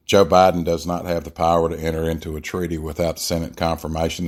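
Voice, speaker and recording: Deep-voiced blunt man ranting. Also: darkish tone. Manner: blunt, emphatic, with frequent fillers and restarts. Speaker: podcast host. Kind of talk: opinionated political monologue.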